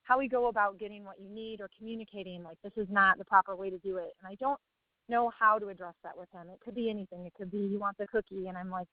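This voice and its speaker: A woman's voice: medium pitch, fast, no room sound, narrow, tinny audio. Rambling mother with a nervous laugh. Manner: rambling, laughing, searching for words. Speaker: parent asking for advice. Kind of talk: casual chat.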